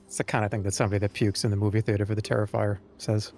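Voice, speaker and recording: A man's voice: on the low side, flat delivery, racing, a little mellow, soft background music. A man streaming a game live, chatting to viewers in a joking, rambling way. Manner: joking, rambling, talks to chat. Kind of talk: live-stream gameplay commentary.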